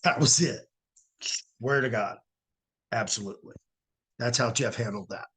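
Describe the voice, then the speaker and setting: Speaking at a measured pace in a medium-pitched, slightly rough voice, a middle-aged man who hosts his own show shares a personal story casually. He's animated and raises his voice to act out the quotes.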